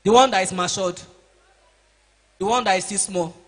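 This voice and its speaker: A man with a high, slightly husky voice lectures a room of teenage boys. He preaches, fires questions at them and mimics their excuses. His voice rings out through a large, echoing hall. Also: normal speed. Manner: preachy, asks the audience questions and acts out excuses. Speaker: seminar speaker for boys. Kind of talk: motivational talk to teenagers. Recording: reverberant hall.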